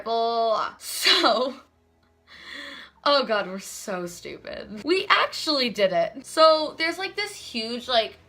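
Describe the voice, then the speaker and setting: A woman's voice: a little high, bright, forceful tone. A teenage girl telling a camp story on her vlog in a rambling, giggly way, full of "like" and asides. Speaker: vlogger. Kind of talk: casual storytime.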